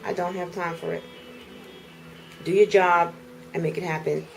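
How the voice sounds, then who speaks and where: A woman's voice: on the low side, fairly even intonation, normal speed, vocal fry, faint music behind, low-quality recording. A woman angrily venting on camera in her apartment, repeating herself with heated indignation. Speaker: vlogger. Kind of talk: angry home vlog rant. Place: apartment indoors.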